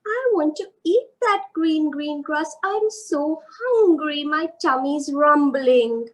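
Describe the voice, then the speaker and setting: A woman voicing a small, hungry, brave little male billy goat in a children's story, speaking high and eager. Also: slow pace, low-quality recording.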